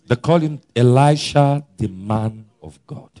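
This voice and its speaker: A man preaching a sermon, emphatic, swinging between loud bursts and hushed asides, with frequent chuckles. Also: mid-range voice, animated, measured pace. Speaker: pastor.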